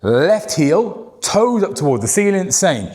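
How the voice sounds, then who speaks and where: A man's voice: sits high, sing-song, takes it slowly, a little mellow. A man leading a guided workout, cueing each move and counting down the reps in an encouraging way. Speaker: fitness coach.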